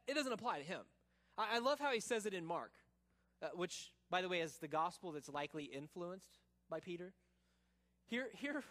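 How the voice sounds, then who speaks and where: A man preaching a sermon, telling a story and acting out quotes, then dropping to a quiet, searching tone. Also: high voice. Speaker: pastor.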